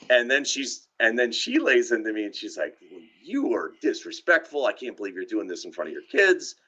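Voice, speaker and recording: A podcast co-host with a lowish, sharp voice rambles through a story on a live stream, and the audio is dull and lo-fi. He talks casually, often restarting sentences and laughing.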